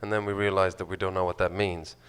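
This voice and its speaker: A man with an Irish accent, the lead actor on a festival panel, talking in a relaxed, casual way. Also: sits low, fast talker. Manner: relaxed, casual, with loose fillers. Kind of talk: panel discussion answers. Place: film festival panel stage.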